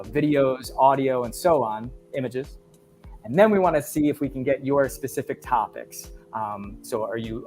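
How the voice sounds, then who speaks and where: A man who is a faculty librarian, hosting a live online session over a video call, energetic and chatty. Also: medium pitch. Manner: energetic and chatty, reads off names quickly. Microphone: computer mic on a video call.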